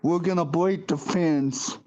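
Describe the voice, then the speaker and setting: A man hosting a casual livestream sports chat, halting and often repeating and restarting his words. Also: a little high, a little mellow. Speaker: show host.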